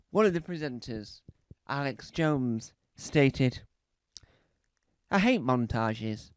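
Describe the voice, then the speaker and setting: A man's voice: medium pitch, a bit bright, smooth, dry recording, studio quality. A male comedian telling a rambling comedy monologue, full of restarts, asides and "right?" check-ins. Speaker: stand-up comedian.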